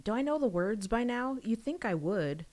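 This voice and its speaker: Chatty young woman streaming her book. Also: moderate pace. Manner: chatty, giggly and rambling, with sudden high excited bursts. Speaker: author streaming a book reading. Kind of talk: casual livestream chat.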